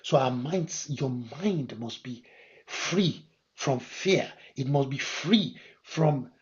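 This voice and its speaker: A man preaching a sermon as pastor, moving from quiet scripture reading to loud, emphatic declarations. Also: mid-range voice, lively intonation, takes it slowly. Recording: dull lo-fi sermon recording.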